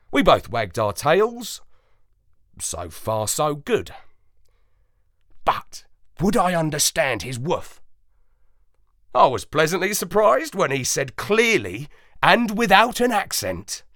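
A storyteller reading a playful storybook in the first person, in an expressive, unhurried manner. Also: mid-range voice, no echo, studio quality. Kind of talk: storybook narration.

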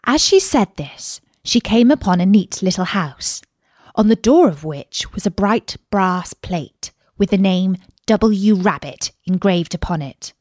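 A woman reading a children's story aloud in a lively, expressive way. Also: medium pitch, a little slow, no echo, studio quality.

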